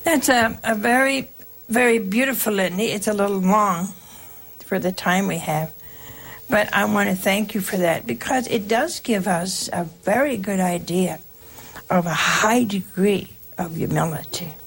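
Woman host giving a spiritual talk, gravelly and kinda husky, slow and earnest. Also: mid-range voice. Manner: earnest, reflective, slow emphatic parallel phrasing. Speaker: host of a religious call-in show.

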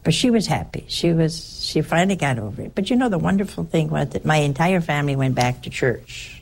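An older nun tells a personal story, wandering and restarting as she goes. Her voice sits low and has a gravelly fry to it. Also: expressive, a little fast, slight background noise. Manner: rambling, conversational, with frequent restarts.

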